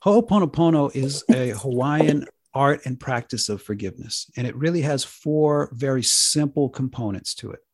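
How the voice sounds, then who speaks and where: A man hosting a talk show, speaking earnestly and with drawn-out emphasis. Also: mid-range voice, no room sound, studio quality. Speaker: host.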